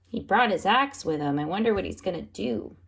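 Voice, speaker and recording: A woman preschool teacher reading picture books aloud to young children, animated and often asking them questions. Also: lowish voice, a little fast, gravelly, breathy edge. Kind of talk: storybook read-aloud for children.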